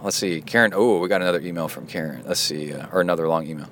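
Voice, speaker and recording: A man with a fairly low voice hosts a laid-back podcast chat. He jokes and riffs freely, with a faint hum of background noise behind him. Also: rapid-fire, fairly bright tone. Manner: playful, joking, goofy asides. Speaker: podcast host.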